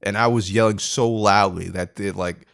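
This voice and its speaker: A man's voice: normal speed, creaky. A young man, a podcast co-host, telling a story in casual chat and acting out quotes, laughing often. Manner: animated, acts out quotes with big pitch jumps, laughs often.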